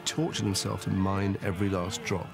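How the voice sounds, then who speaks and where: A man's voice: deep voice, little pitch movement, moderate pace, gravelly. A man, a filmmaker, earnestly explaining the production in an interview. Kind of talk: interview commentary. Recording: interview with music under it.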